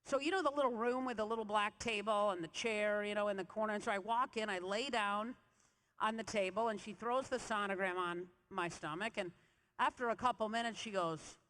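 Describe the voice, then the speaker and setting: A woman giving a motivational keynote on a convention stage, telling lively stories and quizzing the audience. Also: medium pitch, a little fast. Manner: animated storyteller, quizzing the audience. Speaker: keynote speaker. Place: large convention hall stage. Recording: reverberant convention hall.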